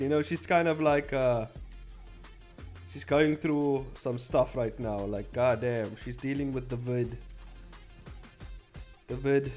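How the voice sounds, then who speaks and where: A man's voice: a little high, a little mellow. A young man chatting casually on a livestream, rambling and blunt, swearing freely. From South Africa. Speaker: streamer.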